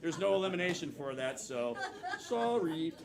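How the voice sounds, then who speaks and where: High-voiced American man hosting improv. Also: sing-song, moderate pace. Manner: upbeat, emphatic announcing. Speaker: improv show host. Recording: live show with crowd and noise.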